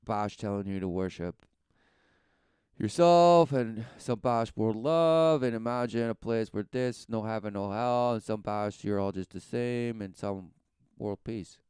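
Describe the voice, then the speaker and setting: A man's voice: on the low side, measured pace, a little mellow, clear, resonant tone, no echo, clean studio sound. A man preaching in a rambling talk, often tossing in rhetorical questions. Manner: rambling, keeps asking "who knew" and "right?".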